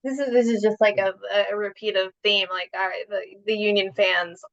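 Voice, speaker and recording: A woman's voice: medium pitch, steady tone, moderate pace, a crowd in the background. A woman guest on a podcast, enthusiastic and full of fillers in casual chat, recorded with dull lo-fi sound.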